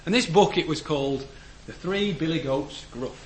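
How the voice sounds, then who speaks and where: Earnest man preaching in an echoey church. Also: moderate pace. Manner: earnest, with sudden emphatic rises and trailing low phrase ends. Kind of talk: sermon. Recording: echoey room with faint background noise.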